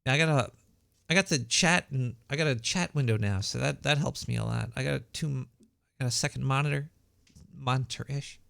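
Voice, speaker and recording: A man voicing a paranoid cartoon rat host with a shrill voice and a Brooklyn accent, rambling conspiratorially with many stumbling restarts. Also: fairly quick, creaky, a bit bright, dry recording. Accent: Brooklyn New York. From Brooklyn, New York. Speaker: podcast host. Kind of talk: rambling comedic monologue. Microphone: home setup.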